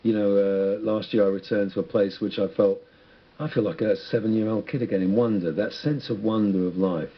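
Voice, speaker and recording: Husky, low-voiced man musing on air. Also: steady tone, brisk, dull audio. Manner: rambling, reflective, many restarts. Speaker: musician guest. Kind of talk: radio interview.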